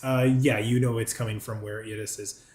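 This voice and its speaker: A man narrating as game master, pausing often with ums while he describes the scene. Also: on the low side, little pitch movement, a little mellow, echoey room. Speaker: dungeon master.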